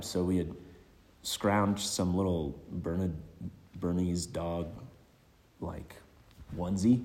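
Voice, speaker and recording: Low-voiced man giving a reflective eulogy. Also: dark tone. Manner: reflective and hesitant, many pauses. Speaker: speaker at a memorial. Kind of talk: eulogy with personal anecdotes. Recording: long hall reverb.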